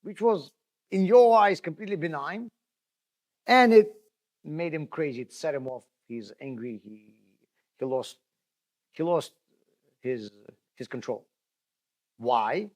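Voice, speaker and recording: A man's voice: a little high, slow, long pauses, darkish tone. A man, a rabbi, teaching a class in a conversational, storytelling way, addressing his listeners directly and often restarting his words. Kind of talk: spoken Torah lesson.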